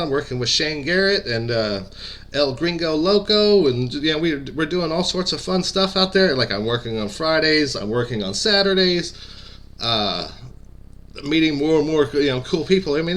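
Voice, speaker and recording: Male storyteller, casual and rambling, stutters, bright voice. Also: on the high side. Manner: rambling, full of fillers and stutters. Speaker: former pro wrestler telling a story.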